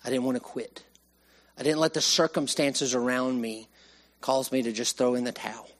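A male preacher delivers a sermon in a mid-range voice. He talks in a folksy way, pushing up for emphasis and sinking to soft, slowed lines. His delivery keeps moving between energy and calm. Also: medium pitch. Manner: animated, with sudden rises and hushed drops.

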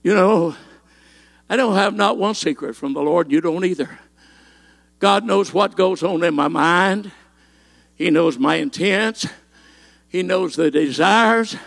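A man preaches with fervor, his voice sitting very high and gravelly. He peppers his lines with "uh" and rises to shouted peaks. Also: unhurried, pauses often. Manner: impassioned, with frequent "uh" fillers and rising shouted peaks. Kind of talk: sermon.

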